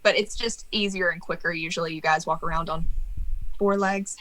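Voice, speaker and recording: A young woman leads a tabletop role-playing session as game master. Her voice is bright and clear, and she narrates in an animated way, breaking into laughter and teasing the players with mock outrage. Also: on the low side, a little fast, low-quality recording.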